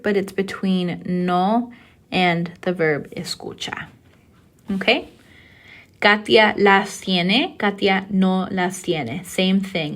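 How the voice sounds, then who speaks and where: Woman instructor, recorded lecture, patient and explanatory, mid-pitched. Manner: patient, explanatory, checks in with "okay?". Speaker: Spanish teacher.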